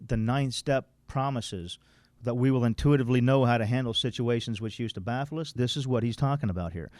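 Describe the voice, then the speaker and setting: A man speaking at a recovery workshop, blunt and folksy, with a bit of mild cursing. He reads passages aloud and then breaks them down in plain everyday terms. The sound is dry and close, with the pitch of an average man. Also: darkish tone, no room sound. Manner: blunt, folksy, mildly profane; quotes text then explains it plainly. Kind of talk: informal workshop talk.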